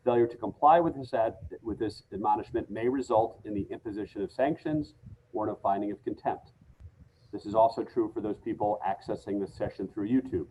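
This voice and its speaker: A man presiding as a judge over a remote court hearing, speaking formally and at a measured pace, with frequent filler pauses. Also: fairly low pitch, dark tone, a little hiss or hum, rough recording.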